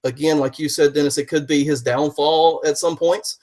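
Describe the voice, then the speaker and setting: A man's voice: on the high side, steady tone, normal speed, darkish tone. Man with a Southern US accent. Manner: folksy, uses Southern sayings. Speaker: podcast co-host. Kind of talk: casual wrestling podcast chat.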